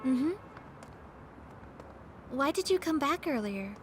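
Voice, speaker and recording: A clingy young student. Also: female voice, high-pitched, lively intonation, takes it slowly, slight background noise. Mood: hopeful, hurt. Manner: emotional, pleading. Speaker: voice actress in an English dub. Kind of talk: dubbed drama acting.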